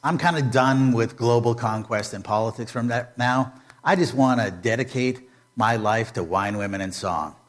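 A man's voice: mid-range voice, moderate pace, natural voice. A man doing a lazy, offhand ancient king. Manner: offhand and careless. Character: lazy, pleasure-seeking ancient male king. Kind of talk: storytelling sermon.

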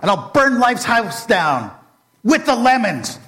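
A man's voice: mid-range voice, lively intonation, a little slow, lightly acted. A man voicing an arrogant, vengeful ancient royal official in a storytelling sermon, ranting threats and then fawning. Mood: furious ranting.

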